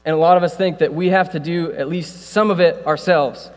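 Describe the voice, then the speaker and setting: A male pastor giving a casual sermon, talking conversationally with jokey asides and building to loud, passionate preaching. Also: a little high, fairly even intonation, brisk. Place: church room. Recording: long hall reverb, mains hum.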